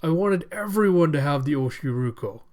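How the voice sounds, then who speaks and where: A towering old pirate woman, angry and slow, half lost in confusion. A man puts her on lightly while recapping a manga, raising his voice a little. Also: fairly high pitch, lively intonation, darkish tone, close to an everyday voice. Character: huge, furious old pirate woman, bewildered.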